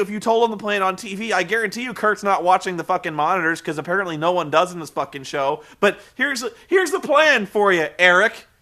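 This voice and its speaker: A man with a high, bright voice and forceful tone hosts a comedic wrestling review. He rants with profanity, stammering and sounding exasperated.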